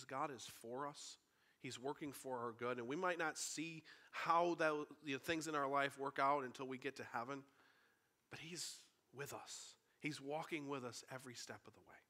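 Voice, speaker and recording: Bright-voiced man preaching earnestly. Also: medium pitch, steady tone, moderate pace. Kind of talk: sermon.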